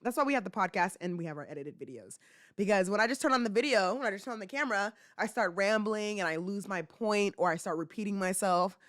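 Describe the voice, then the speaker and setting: A woman's voice: mid-range voice, fast talker, a bit bright, no room sound, studio quality. A young woman in her twenties hosting a podcast, chatting casually and rambling with fillers and laughs. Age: 20s. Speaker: podcast host. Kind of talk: casual chat.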